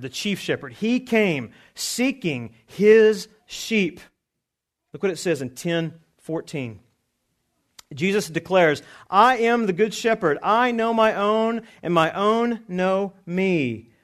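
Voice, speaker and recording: A pastor preaching a sermon, reading scripture and driving points home, dropping low then rising with emphasis. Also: male voice. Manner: emphatic preaching with swings from quiet to raised.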